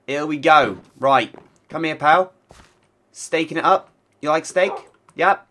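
Male let's-play host, stuffy from a cold, slow unhurried delivery with sharp bright tone, chatty self-talk. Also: fairly high pitch. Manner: chatty, talks to himself and the animals. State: congested from a cold. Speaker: gaming channel host. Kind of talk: casual Minecraft let's-play commentary.

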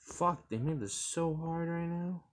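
A man's voice: fairly high pitch, a little slow, slight background noise. A man giving gameplay commentary on a horror game, swearing often and reacting in jumpy outbursts. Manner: profane, jumpy, excitable reactions. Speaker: gamer.

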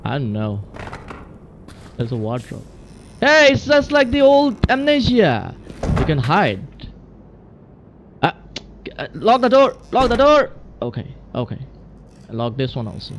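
A man's voice: fairly high pitch, huge pitch swings, unhurried, long pauses, dull audio, slight background noise. A man hosting a let's play, jumpy and exclaiming as he talks to himself through a horror game. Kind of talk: gaming commentary.

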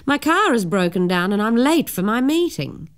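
A woman's voice: fairly high pitch, big pitch swings, moderate pace, clear, resonant tone, pitched above the performer's own voice. Woman doing breathless, flustered Missus Abercrombie. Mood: eager. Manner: breathless, giggly, eager. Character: flustered friendly woman in a hurry.

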